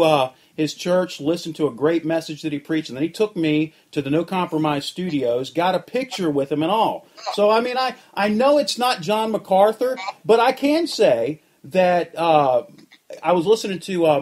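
A man co-hosts a casual podcast in a noticeably high voice. He is easygoing and chuckles often as he steers the conversation. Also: darkish tone. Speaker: podcast co-host. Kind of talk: casual interview chat.

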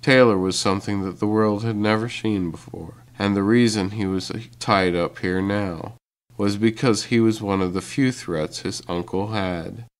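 A man narrating an audiobook chapter with steady, unhurried reading. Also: fairly low pitch. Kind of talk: scripted narration.

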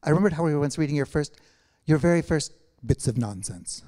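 A man reading aloud and voicing an animated young woman who keeps pressing an old friend with eager questions. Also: a little high, quick pace, close to an everyday voice.

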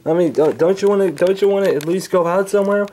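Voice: medium pitch, dark tone, voice pushed up, lightly acted. A performer voicing a bearded man pretending to be a woman, speaking hesitantly with many ums. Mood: awkward. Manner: hesitant, halting, full of ums. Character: bearded man posing as a lady, nervous.

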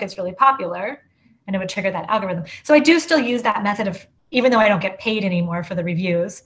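A woman author speaking as a guest in a casual interview. She talks in a loose, chatty way, full of fillers and quick restarts. Her voice sits at an ordinary middle pitch. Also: fairly bright tone.

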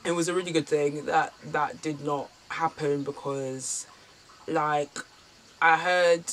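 A woman's voice: sits low, steady tone, slow pace, a bit bright, slight background noise. A young woman casually telling a personal story for her vlog, candid and chatty with lots of filler words. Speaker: vlogger.

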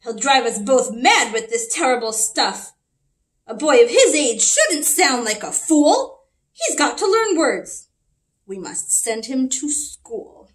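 Storybook dad, alarmed and fed up, read out by a woman in a high, lively voice. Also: slow pace, full character voice. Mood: exasperated. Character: flustered worried father of a toddler, man.

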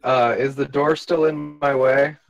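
A man playing a tabletop game, talking slowly and hesitantly, thinking aloud with many fillers. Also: mid-range voice, steady tone, muffled recording, soft background music. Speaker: player.

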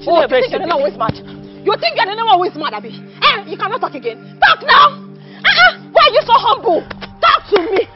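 A very high, slow Nigerian woman's voice cries out in anguish as a betrayed lover in a film drama. Her pitch swings wildly as she wails. Soft music plays under the dull film sound. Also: very animated. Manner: wailing, crying out in anguish.

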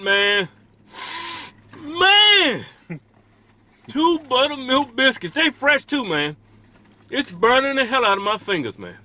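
Loud, profane man joking in a car. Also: very high-pitched, big pitch swings, slow pace, pauses often. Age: 20s. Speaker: YouTube comedy host. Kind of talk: casual car vlog banter. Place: inside a car at a drive-through.

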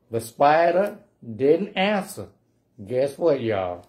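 A man's voice: a little high, expressive, slow, darkish tone. A man reading a picture book aloud at a library storytime, playfully coaxing the children to say the refrain along with him.

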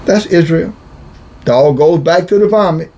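A man's voice: a little high, moderate pace, mellow, a little hiss or hum. A man preaching a blunt, scolding sermon, calling himself a watchman and repeating phrases for emphasis. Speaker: self-styled watchman preacher. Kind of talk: rebuking sermon monologue.

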